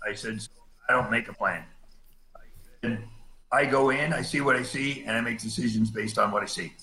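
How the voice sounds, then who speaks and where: Bright-voiced man telling a rescue story. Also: medium pitch, fairly quick, roomy sound, a little hiss or hum, low-quality recording. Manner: laid-back storyteller, acts out quotes, laughs at himself. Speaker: cave rescue diver. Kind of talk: storytelling in a casual interview.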